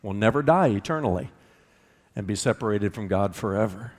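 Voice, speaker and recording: A man preaching a sermon, swinging between loud, rising questions and hushed, low passages, and reading scripture aloud in an even storytelling tone. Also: a little fast, long reverb tail. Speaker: pastor.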